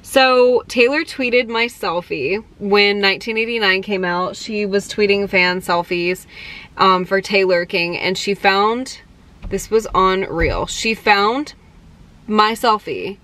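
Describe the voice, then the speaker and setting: Young female vlogger, chatty and excited, casual storytelling to camera. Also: mid-range voice, slow pace. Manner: excited, chatty, many "like" and "um" fillers.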